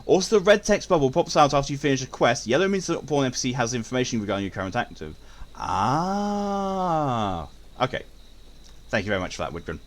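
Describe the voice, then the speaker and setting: A man's voice: medium pitch, expressive, racing. A young man streaming a game, joking crudely and reading out chat. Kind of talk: casual live-stream chat.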